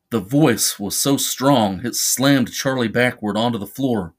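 A man narrating a horror story as a podcast host, measured and ominous. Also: medium pitch.

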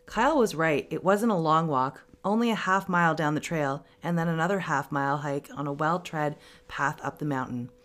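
A woman with a very low voice narrates a story aloud as a podcast host. Her reading is steady and expressive. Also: moderate pace, hardly any pauses.

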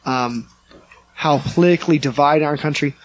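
A man's voice: a little high, normal speed, slight background noise. A man with a slight Dutch-influenced accent co-hosting a podcast, rambling and teasing in joking casual chat. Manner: rambling, self-mocking, teasing. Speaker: podcast co-host and pastor.

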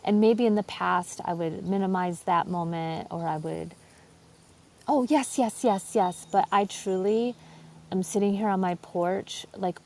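A woman's voice: lowish voice, darkish tone, a little hiss or hum. A woman psychologist talking as a podcast guest from her porch, effusive and heartfelt, with lots of filler words. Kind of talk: heartfelt spiritual conversation. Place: home porch.

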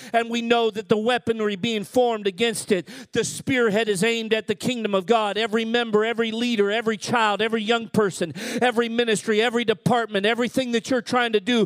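High-pitched preacher man, very dry sound. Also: no echo. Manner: builds to shouted, drawn-out climaxes; storytelling in a hushed, low voice. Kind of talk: sermon.

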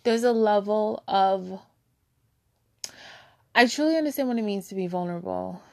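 A woman sharing her feelings in a candid personal monologue, halting and searching for words, becoming emotional. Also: mid-range voice, vocal fry, no room sound, studio quality. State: tearful, emotional.

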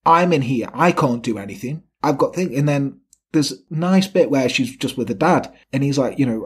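A man's voice: medium pitch, lively intonation, moderate pace, husky. Casual man telling a crime story. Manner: swears often, acts out quotes of the people in the story. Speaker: podcast co-host telling a true crime story.

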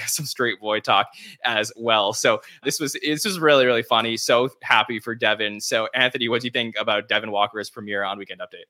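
Bright-voiced podcast host man. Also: lowish voice. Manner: easygoing, moves the discussion along. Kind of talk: casual chat.

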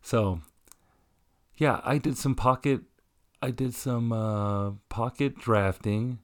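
A man's voice: mid-range voice, slow. A man co-hosting a casual podcast, telling a rambling story and laughing often as he talks. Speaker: podcast co-host. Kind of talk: casual chat.

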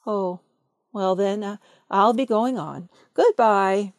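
A woman's voice: medium pitch, takes it slowly, dry recording, clean studio sound. A woman voicing a bumbling, polite, food-loving male teddy bear who stammers and hesitates. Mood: flustered.

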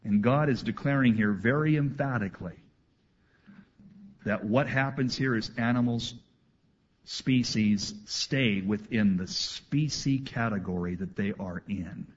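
A man preaching a sermon to his congregation, reading scripture aloud and adding animated asides. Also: fairly low pitch, unhurried, muffled recording, a little hiss or hum. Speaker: pastor.

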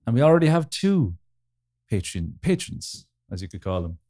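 A man's voice: medium pitch, sing-song, normal speed, mellow. A man with a Wexford accent, hosting a casual podcast chat in an easygoing, chatty way with frequent laughs. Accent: Wexford, New Ross. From County Wexford, Ireland. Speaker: podcast host.

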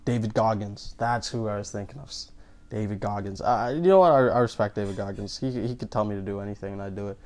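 Rambling, stammering lower-voiced man. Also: fast talker, darkish tone. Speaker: comedian. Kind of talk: casual comedic podcast chat.

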